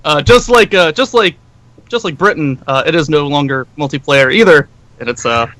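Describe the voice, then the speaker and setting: A man's voice: a little high, expressive, moderate pace, bright, forceful tone, dry recording. A man co-hosting a gaming podcast in casual chat, cracking jokes between many fillers. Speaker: podcast co-host.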